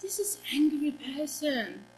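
Slow, high-voiced woman preaching. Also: sing-song, low-quality recording. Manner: earnest, asks the congregation questions. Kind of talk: sermon.

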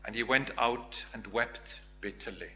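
A man's voice: mid-range voice, unhurried, sharp tone, highs cut off, soft background music. A man giving a Bible teaching sermon, retelling scripture in a reflective storytelling way with small restarts. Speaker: preacher.

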